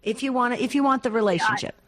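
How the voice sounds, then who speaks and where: A woman co-hosting a call-in radio show, gently and earnestly counseling callers. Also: on the high side, racing. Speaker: radio co-host, advice giver. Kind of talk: call-in advice talk.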